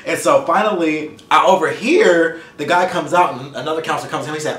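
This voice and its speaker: A young man telling a personal story to camera in a casual vlog, talking fast and animated, sometimes stumbling over his words and swearing. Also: fairly high pitch, roomy sound. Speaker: vlogger.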